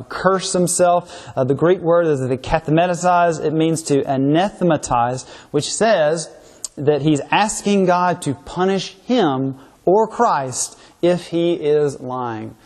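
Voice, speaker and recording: A man's voice: fairly high pitch, unhurried, a little mellow. A man preaching a sermon, asking his listeners rhetorical questions and reading scripture aloud.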